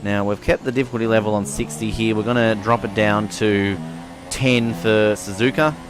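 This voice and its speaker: A young man with a lowish voice talks casually over his racing game, chatty and quick to swear. Loud engine and car noise from the game runs clearly behind him throughout. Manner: chatty, swears casually, excitable at race starts. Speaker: gaming channel host.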